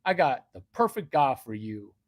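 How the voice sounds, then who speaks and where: A man voicing a loud, eager male car dealership manager with a put-on Southern drawl. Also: sing-song, moderate pace, no echo, clean studio sound. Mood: fake Southern. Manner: fake-friendly, booming, put-on Southern drawl.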